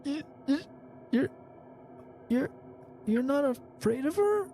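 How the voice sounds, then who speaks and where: A woman's voice: expressive, slow, warm tone, slight background noise, exaggerated voice. A woman doing a stammering timid young violinist. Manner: high, stammering, pleading, sometimes whispered. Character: timid, stuttering young male village violinist.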